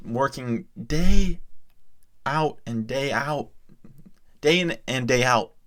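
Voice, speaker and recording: A man's voice: medium pitch, fairly bright tone. A young man from the United States giving casual crypto news commentary to his viewers, rambling and chatty. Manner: rambling and chatty, often addresses viewers as guys.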